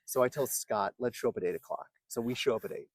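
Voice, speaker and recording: A man telling long, animated stories in casual chat, swearing freely and acting out what people said. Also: medium pitch, fast, no room sound. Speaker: podcast guest. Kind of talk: casual storytelling.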